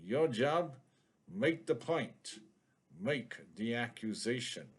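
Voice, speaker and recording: A man's voice: lowish voice, voice pushed down. A man reading a noir story aloud in the voice of a hard-boiled male detective, with clipped, brooding narration.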